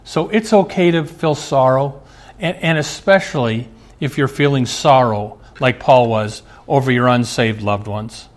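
A man's voice: mid-range voice, measured pace. Middle-aged guy pastor preaching, earnest, keeps asking the church questions. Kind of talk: sermon.

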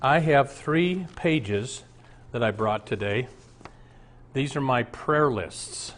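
A man's voice: mid-range voice, expressive, takes it slowly, slight background noise. A man in his sixties, a pastor, preaching an earnest, conversational sermon full of rhetorical questions.

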